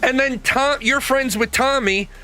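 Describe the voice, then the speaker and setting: A man in his forties talks on a live stream in a loose, profane rant, full of stories. His voice sits high and bright, and faint music plays behind him. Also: measured pace. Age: 40s. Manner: profane, animated storytelling. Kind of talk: ranting casual talk.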